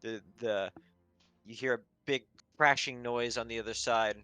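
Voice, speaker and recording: A man narrating and running a tabletop game as game master, unhurried and hesitant with fillers. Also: mid-range voice, fairly even intonation, pushed and bright, clear, resonant tone, no room sound, faint music behind.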